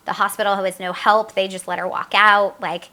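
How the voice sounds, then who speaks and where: A middle-aged woman tells her daughter's story as an interview guest. Her voice is bright and forceful. She talks in an earnest, halting way, with many fillers and re-enacted dialogue. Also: mid-range voice, flat delivery. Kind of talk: emotional personal account in an interview.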